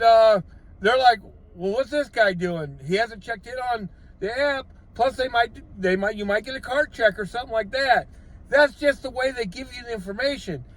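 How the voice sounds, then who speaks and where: Older guy in his car, really high voice, blunt and fed up, lecturing other drivers. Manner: blunt, exasperated, lecturing with rhetorical questions. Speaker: gig delivery driver vlogger. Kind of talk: casual advice vlog.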